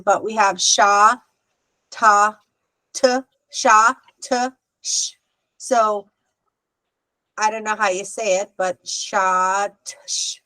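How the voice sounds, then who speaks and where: Female teacher on a video call, fairly high voice, patient and explanatory, dry close recording. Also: a bit bright, dry recording, rough recording. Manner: patient, explanatory, with frequent "okay" check-ins. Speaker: Hebrew teacher. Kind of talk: online adult class instruction.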